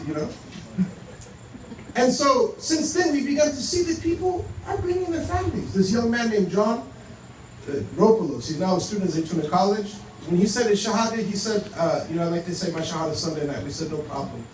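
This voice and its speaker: A man's voice: high-pitched, lively intonation, fairly quick. A man giving a conversational talk to a community audience, telling stories and acting out dialogue. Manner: conversational, acts out dialogue in quoted exchanges. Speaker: Muslim speaker. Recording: roomy hall, mic at a distance, faint hum.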